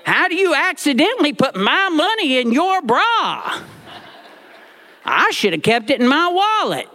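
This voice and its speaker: A man's voice: very high voice, huge pitch swings, a little slow, a bit bright, pitched above the performer's own voice, full character voice. A man voicing his eleven-year-old self, protesting and indignant.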